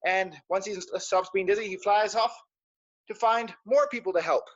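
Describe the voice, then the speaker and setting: A man telling a children's story on a live stream, animated and full of sound effects. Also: high-pitched, moderate pace, dry recording. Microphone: live stream mic. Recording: dull, dry lo-fi stream audio.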